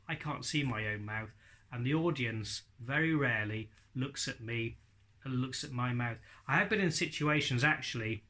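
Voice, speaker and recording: A man's voice: medium pitch, bright, forceful tone. A man teaching ventriloquism in a casual video lesson, chatty and laughing often as he demonstrates sounds.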